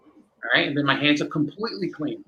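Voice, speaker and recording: A man, a magician guest, telling a long animated story with many restarts in a candid interview. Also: on the high side, fairly quick, highs cut off, noisy background.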